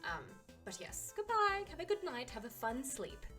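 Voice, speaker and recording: A woman's voice: high-pitched, sing-song, moderate pace, a bit bright, faint music behind. A woman streamer in casual chat who giggles often and swears now and then.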